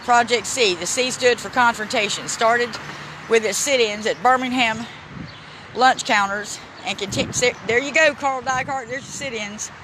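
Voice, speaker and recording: Male vlogger, high-pitched, emotional and halting, reading plaques aloud outdoors on a phone walking tour. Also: background noise. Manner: halting reader, stumbles and restarts; emotional, close to tears. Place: outdoors in a city park.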